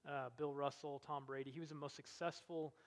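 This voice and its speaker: A man giving a sermon to students, preaching in an earnest, conversational way that swells loud and drops quiet. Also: on the high side, flat delivery, fairly quick. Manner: earnest, conversational preaching with big swings in loudness. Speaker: campus ministry speaker. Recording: long reverb of a large hall.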